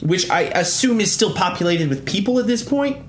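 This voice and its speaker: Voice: medium pitch, expressive, fairly quick, reverberant, a little hiss or hum. A person in casual chat, incredulous and sarcastic, swearing freely and asking lots of questions.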